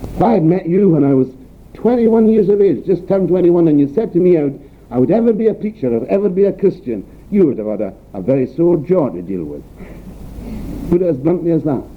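A man's voice: fairly high pitch, lively intonation, fairly quick. Scottish preacher man on a tinny line. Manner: earnest, rhetorical questions, folksy anecdotes. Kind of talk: sermon. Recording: tinny phone-like recording with faint background noise.

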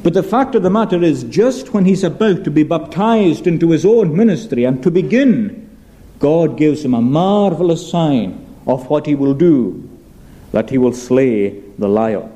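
Earnest and expository, this male preacher's sermon features rhetorical questions and slow readings of scripture. His voice is a little high and mellow, with an animated delivery.

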